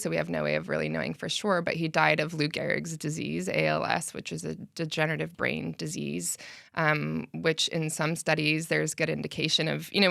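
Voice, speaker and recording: A woman who coordinates a concussion program, talking casually and animatedly on a podcast, full of fillers and quick laughs. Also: low voice, vocal fry, bright, forceful tone, no echo, studio quality. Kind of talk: casual conversational interview.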